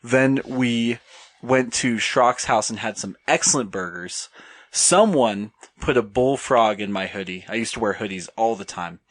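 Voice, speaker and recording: Young male podcast guest, hesitant and halting delivery, dry mic. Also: on the low side, no echo. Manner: hesitant, lots of ums. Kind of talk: casual podcast chat.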